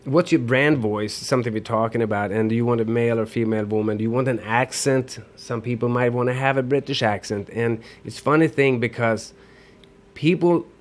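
A man's voice: mid-range voice, steady tone, a little fast. A man with a Swedish accent, a guest explaining things in casual interview chat, earnest and a little repetitive. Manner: earnest, explanatory, repeats words.

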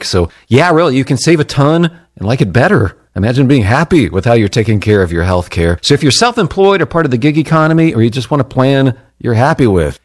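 A man reading an advertisement in an upbeat, persuasive sales delivery. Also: medium pitch. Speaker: ad reader. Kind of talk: read advertisement.

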